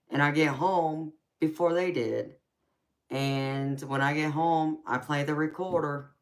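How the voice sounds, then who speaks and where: A woman's voice: low-pitched, takes it slowly, pauses often. A woman with a Southern US accent in casual live chat as a tarot reader, laughing often and calling listeners "baby". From United States.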